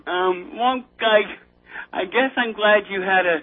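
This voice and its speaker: A man in casual political chat, rambling and halting, often breaking into nervous laughter. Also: sits high, animated. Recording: tinny phone-line audio.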